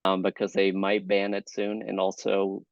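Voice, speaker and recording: A man guesting on a comedy podcast riffs wryly with a touch of mock indignation. His voice sits on the low side. The sound is dull and lo-fi but dry, with no echo. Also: monotone, moderate pace, creaky. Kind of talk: casual comedy chat.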